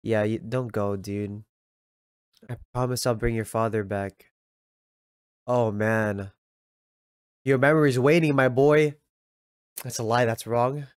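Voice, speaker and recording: A young man giving casual, excitable reaction commentary, laughing often and reading lines aloud in a slangy way. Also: mid-range voice, takes it slowly, pauses often, clean tone, dry recording, clean studio sound. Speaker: anime reaction youtuber.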